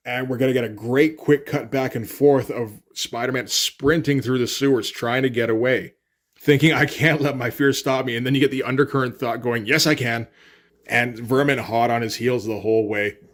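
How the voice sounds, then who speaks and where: Animated male comics reviewer. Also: medium pitch. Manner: animated retelling, swearing, quoting characters. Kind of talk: casual comic book breakdown.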